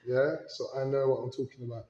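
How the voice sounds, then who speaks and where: Relaxed London man guest, echoey room. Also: mid-range voice, quick pace, lo-fi sound, noisy background. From London, England. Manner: relaxed, candid, laughs along. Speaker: guest, film company CEO. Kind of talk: casual interview chat.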